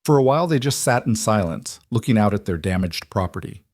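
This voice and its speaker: Male narrator, low and dry, calm scripted storytelling. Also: brisk, no room sound.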